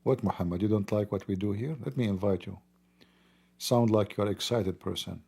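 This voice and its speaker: A hoarse man who is losing his voice talks in a rambling, emphatic way during a casual livestream, clearing his throat often. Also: on the low side, brisk, warm tone. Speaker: livestream host.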